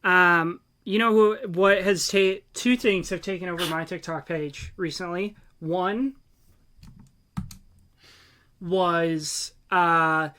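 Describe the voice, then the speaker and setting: A young man co-hosting a podcast, chatting casually and excitedly, rambling off on tangents with lots of fillers. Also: high-pitched, slow pace, slight background noise. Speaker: podcast co-host. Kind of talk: casual chat.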